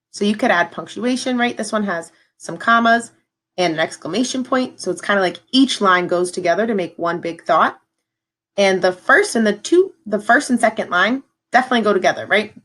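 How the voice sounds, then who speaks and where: A woman's voice: mid-range voice, animated, a little fast, a bit bright. Encouraging woman teacher explaining a lesson. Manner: upbeat, encouraging, addressing students directly. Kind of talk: recorded classroom lesson.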